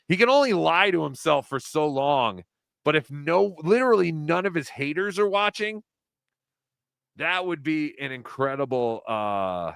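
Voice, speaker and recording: Bright-voiced man hosting a live stream. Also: mid-range voice, smooth, dry recording, clean studio sound. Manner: rambling, animated, swears freely. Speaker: host. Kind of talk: casual live-stream chat, reading tips.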